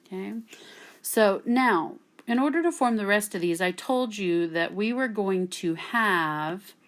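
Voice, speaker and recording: Slow-paced woman teacher. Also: medium pitch, lively intonation. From Texas. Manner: patient, checks in with "okay?" after nearly every point. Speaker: Latin teacher. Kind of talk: classroom lesson at a whiteboard.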